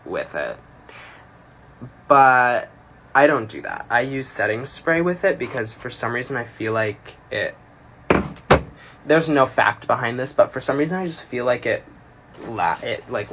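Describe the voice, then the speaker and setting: A man's voice: medium pitch, fairly bright tone, slight background noise. A man doing a casual makeup tutorial on a phone livestream, chatty and playful, rambling and joking about himself as he works.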